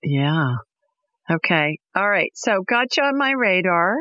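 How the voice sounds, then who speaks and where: Woman radio host taking calls, brisk and direct, kinda muffled and dry. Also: on the low side, sing-song, dry recording. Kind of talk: call-in radio talk show.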